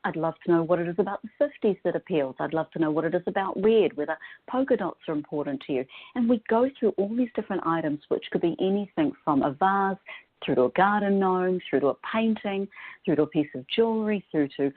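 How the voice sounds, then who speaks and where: A woman's voice: lowish voice, animated, quick pace. A woman from New Zealand with a New Zealand accent, speaking as a guest in a podcast interview in an upbeat, effusive way. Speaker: guest, wardrobe stylist. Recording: phone-line audio.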